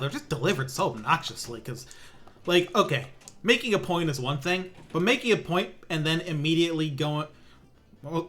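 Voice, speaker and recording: A man's voice: fairly high pitch, sharp tone. A young man streaming a pinball game, chatting casually in a rambling way with many restarts and sarcastic asides. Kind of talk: casual stream commentary while playing.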